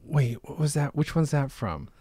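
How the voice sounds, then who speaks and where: A young man co-hosting a casual comedy podcast, animated and jokey, slipping into silly voices. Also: a little high, normal speed, husky, dry recording, studio quality. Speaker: podcast co-host.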